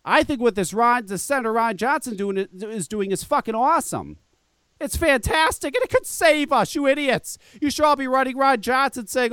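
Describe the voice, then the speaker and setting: A man's voice: very high voice, animated, a little fast, a bit bright, clean tone, dry recording, clean studio sound. A man hosting a live talk show, ranting angrily and profanely, mocking others in quoted voices.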